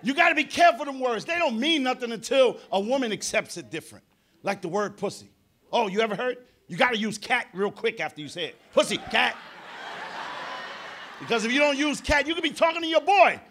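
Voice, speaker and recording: A middle-aged man with a New York accent doing a live stand-up set, loud and brash, dropping to mutters and then bursting into shouts. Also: extremely high pitch, animated, brisk. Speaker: stand-up comedian. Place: live theater stage.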